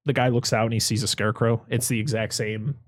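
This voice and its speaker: A man's voice: medium pitch, steady tone, fast, dry recording. A man co-hosting a casual movie podcast, chatty and given to exasperated rants. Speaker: podcast co-host.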